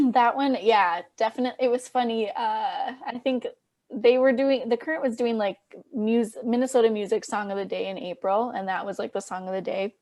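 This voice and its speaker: A young woman musician talks through her songs in a relaxed interview. Her voice sits a bit high, she laughs a lot, and she slips into a higher, playful voice whenever she quotes someone. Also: normal speed, no room sound. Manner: chatty, laughs often, acts out quotes in a high voice. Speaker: musician guest. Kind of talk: casual interview chat.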